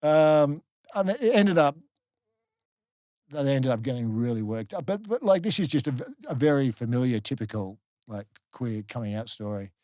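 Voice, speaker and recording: A middle-aged Australian man, a guest on a podcast, telling a personal story candidly, halting and restarting often. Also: mid-range voice, sing-song, darkish tone, dry recording. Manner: halting, many restarts, earnest. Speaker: guest, former rugby league player.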